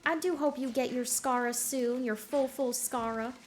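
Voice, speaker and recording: A woman's voice: high-pitched, fairly even intonation, moderate pace, soft background music. A woman streamer chatting casually with her viewers while gaming, bubbly and giggly, full of slang.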